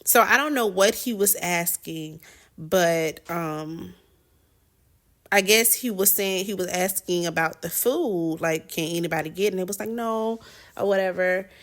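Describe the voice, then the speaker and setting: A woman's voice: on the low side, a little slow, a bit bright. A woman hosting a podcast, telling a story in a chatty, dramatic way with slang, fillers and restarts. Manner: slangy, informal phrasing. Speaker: podcast host. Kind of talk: casual storytelling monologue.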